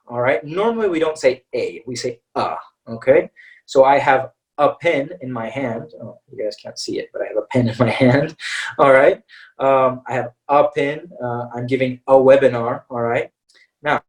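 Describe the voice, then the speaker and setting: A man's voice: mid-range voice, darkish tone, far from the mic, low-quality recording. Chatty American man teaching English. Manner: chatty, repeats words and says "all right" and "okay" often. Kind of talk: live webinar lesson.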